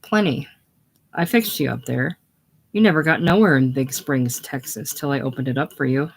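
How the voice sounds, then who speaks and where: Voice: mid-range voice, normal speed, gravelly, a little hiss or hum, close to an everyday voice. A reader doing a blustering brash young man. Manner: defensive, blustering. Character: boastful brash young male war buddy. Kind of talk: casual play reading.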